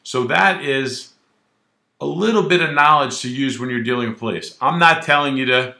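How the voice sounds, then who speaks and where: A creaky yet bright and forceful mid-range voice carries through a reverberant space at moderate speed. The attorney delivers a casual, direct-to-camera legal explainer, cracking jokes in everyday language and acting out quoted lines as he goes.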